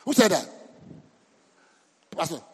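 A man preaching a sermon as pastor, lively and breaking into sudden shouts. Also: slow pace. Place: church hall. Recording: reverberant church hall.

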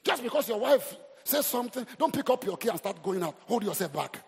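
A man's voice: high voice, a little fast, breathy edge. A middle-aged Nigerian man preaching a humorous, exhorting sermon as pastor. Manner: animated, humorous, exhorting the crowd. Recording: reverberant hall.

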